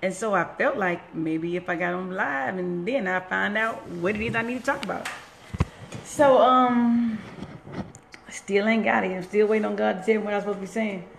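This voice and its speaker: Lady rambling on a phone live from work, gravelly fry in her voice, echoey room, faint hum behind. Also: medium pitch, normal speed. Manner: rambling, loose and conversational, breaks off to greet viewers. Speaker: inspirational speaker on a live stream. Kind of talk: casual motivational live-stream talk. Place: indoors at her workplace.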